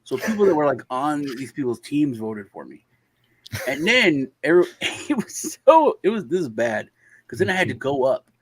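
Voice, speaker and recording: Man, storytelling, dry close sound, animated, acts out quotes. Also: fairly high pitch, moderate pace, husky, no echo. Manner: animated anecdote-telling, acts out quoted voices. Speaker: panel guest. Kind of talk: casual storytelling on a panel show.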